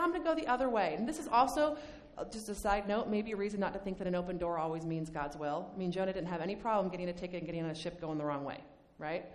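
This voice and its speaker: A woman teaching a Bible study lesson in a conversational, animated way, acting out the lines she quotes. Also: mid-range voice. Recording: long hall reverb.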